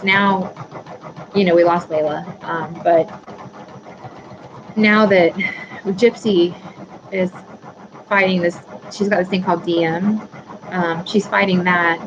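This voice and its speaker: A woman's voice: fairly low pitch, background noise. A woman in her thirties hosting a casual live stream, chatting with viewers by name and apologizing easily. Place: home workroom with a sewing machine running.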